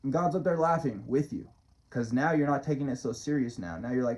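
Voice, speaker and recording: Mellow, loose-talking man, dull lo-fi sound. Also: mid-range voice, a little fast. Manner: loose, profane, chuckling often. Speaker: motivational vlogger and musician. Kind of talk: casual rambling monologue.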